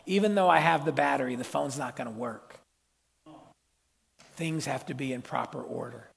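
Gravelly-voiced man preaching in a hall. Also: medium pitch, moderate pace. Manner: lively, conversational preaching with slang and call-outs. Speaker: pastor. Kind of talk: sermon. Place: church hall. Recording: long hall reverb.

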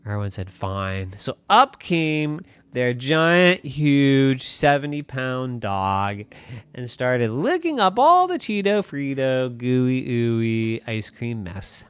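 A man's voice: medium pitch, no room sound. A man improvising a playful bedtime story for a child. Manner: slow, playful, animated, clears throat.

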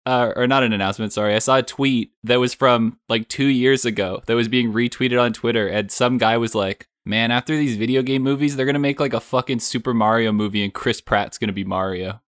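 A young man co-hosts a casual gaming podcast, his voice at an ordinary middle pitch. The sound is dry and close, with no room around it, and he delivers news in a flat, matter-of-fact way. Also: brisk, few pauses, no echo. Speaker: podcast co-host.

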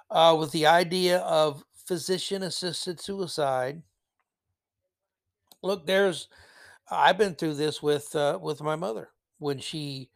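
A man's voice: a little high, no room sound. A man hosting a podcast, giving sarcastic, rambling opinion commentary. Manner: sarcastic, rambling, self-correcting. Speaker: podcast host.

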